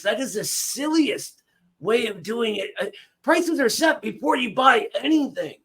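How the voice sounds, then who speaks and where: A man's voice: high voice, lively intonation, normal speed, a bit bright. A man hosting a reaction show, talking in an exasperated, dismissive way. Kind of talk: casual reaction commentary.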